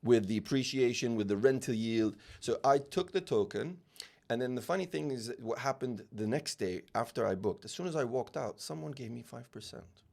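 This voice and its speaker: A man's voice: medium pitch, normal speed, vocal fry. A man in his forties, raised in the UAE, telling a story as a podcast guest and acting out the dialogue, often restarting his sentences. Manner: animated anecdotes, acting out dialogue, many restarts. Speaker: real estate founder, guest. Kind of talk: storytelling interview.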